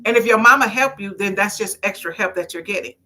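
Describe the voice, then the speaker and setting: Bright outspoken woman in her fifties. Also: mid-range voice, quick pace. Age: 50s. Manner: outspoken, lively, preachy, swears. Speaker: livestream talk show host. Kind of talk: casual livestream talk, reading viewer comments.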